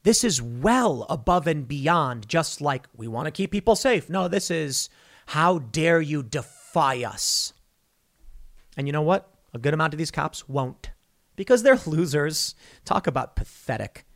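A man's voice: fairly high pitch, big pitch swings. A man hosting a podcast, delivering a heated, opinionated monologue with a sarcastic, mocking tone. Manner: rushes through read-out news text. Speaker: podcast host.

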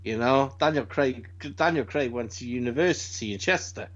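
A British man in casual chat, rambling and animated, swearing freely and restarting his sentences. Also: mid-range voice, moderate pace. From Britain. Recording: dull lo-fi sound.

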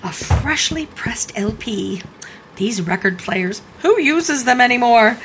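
A teasing, sardonic woman, who draws out her words slowly and lets her voice swing high and low. She sounds amused at everyone else's expense. The recording carries a faint background hum. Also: animated. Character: playful, mocking female caretaker of a household.

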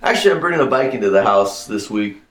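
A man's voice: on the low side, expressive, fast talker, a bit bright, reverberant. A man co-hosting a podcast, telling a long casual anecdote with lots of "uh" and "like". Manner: rambling anecdotes with many fillers. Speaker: podcast co-host. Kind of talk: casual chat, storytelling.

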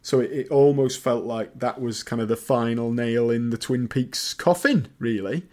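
British guy, podcast cohost, rambly chat, gets loud and squeaky when he's excited. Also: moderate pace. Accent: British English. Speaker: podcast co-host. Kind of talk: casual film chat.

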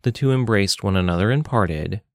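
A man narrating an audiobook with an expressive reading. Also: lowish voice, moderate pace, dry recording, clean studio sound.

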